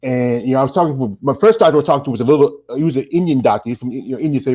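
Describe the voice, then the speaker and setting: Quick, talkative male interviewer, rambling and full of anecdotes. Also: mid-range voice, husky, muffled recording. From North Carolina, USA. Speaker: interview host. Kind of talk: casual interview chat.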